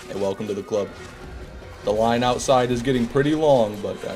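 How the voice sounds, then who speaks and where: A man's voice: mid-range voice, a little mellow. A man streaming a game and chatting casually with his viewers, joking and sarcastic as he reads their messages. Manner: joking, sarcastic banter with chat. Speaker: streamer reading chat. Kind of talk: casual live-stream commentary.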